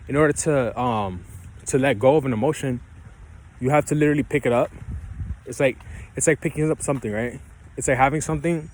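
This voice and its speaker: A man's voice: medium pitch, darkish tone, a little hiss or hum. A man vlogging outdoors and giving casual motivational advice, rambling loosely and often checking in with "right?" and "you feel me?". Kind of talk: casual motivational talk to camera. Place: outdoors, ground with leaves.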